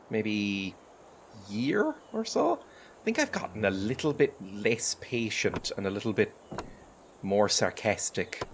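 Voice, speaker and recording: A man's voice: lowish voice, slight background noise. An Irish man streaming a game, chatting casually and self-deprecatingly, laughing often and swearing now and then. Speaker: gaming streamer. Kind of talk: casual chat over gameplay.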